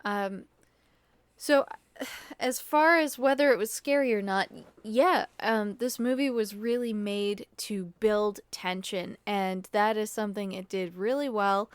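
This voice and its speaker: Smooth-voiced woman giving a measured review. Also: mid-range voice, dry recording. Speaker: podcast guest. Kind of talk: conversational film review.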